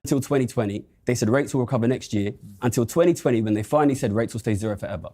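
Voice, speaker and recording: Rapid-talking male debater, 30s, mellow dark tone, rhetorical. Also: mid-range voice. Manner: emphatic, rhetorical. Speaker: economics commentator. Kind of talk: debate argument.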